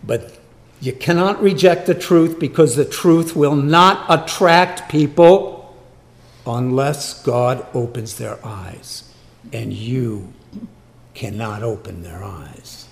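A man preaching a sermon, swinging between loud emphatic lines and quiet low asides, and acting out boastful voices in quick quoted bits. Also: creaky.

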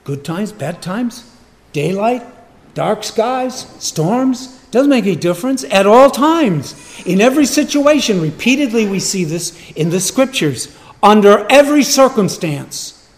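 A man's voice: high voice, big pitch swings, measured pace. A man preaching a sermon, emphatic and repeating his key phrases. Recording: long hall reverb.

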